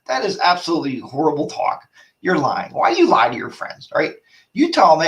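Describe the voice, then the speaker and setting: A man's voice: on the high side, wildly swooping pitch, fairly quick, a bit bright, recorded from a distance. A man hosting a casual live-stream chat, rambling and ranting while reading viewer comments aloud. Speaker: host of a motorcycle chat show.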